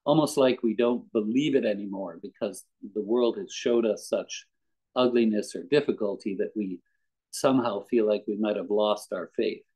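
A man's voice: fairly low pitch, normal speed, dark tone, breathy edge, poor audio. A man giving a conversational devotional talk as a guest speaker, mixing anecdotes and readings and chuckling often.

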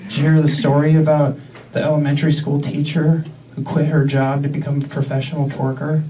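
A man's voice: fairly high pitch, monotone, brisk, dark tone, far from the mic, low-quality recording. A young man in his twenties doing a stand-up set in a comedy club, sarcastic and crude with mock-outraged asides.

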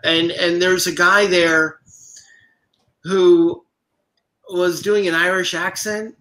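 A man's voice: sits high, flat delivery, slow, sharp tone, rough recording. A man hosting a casual comedy podcast, bantering with self-deprecating jokes.

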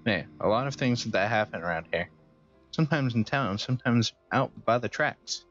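A man voicing a stern, weary woman police officer in a video game, reading her lines in a flat, grave way. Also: medium pitch, moderate pace, lightly acted. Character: adult female cop, stern and weary. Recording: dull dry game capture with music.

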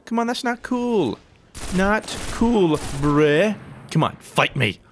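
A man's voice: fairly high pitch, sing-song, a little slow, a little hiss or hum. A young man giving jokey gameplay commentary, talking to opponents and himself as he plays. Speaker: gaming YouTuber.

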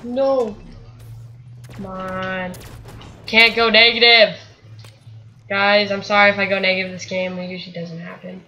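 A young woman giving live commentary over her own shooter gameplay, muttering in frustration and breaking into excited outbursts. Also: medium pitch, measured pace, long pauses, muffled recording, a little hiss or hum. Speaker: gaming commentator. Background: gunfire from the game.

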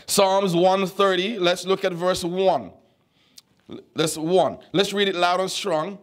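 A man's voice: high-pitched, steady tone, takes it slowly. A man pastor giving a conversational teaching sermon, telling stories, repeating words and quizzing the congregation.

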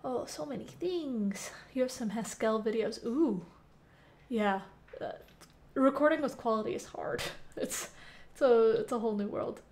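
A young woman, speaking at a moderate pace in a slightly high, darkish voice, streams live coding from a temporary home. Over headphones with a mic she chats casually, reads messages from chat, and answers questions with many fillers.

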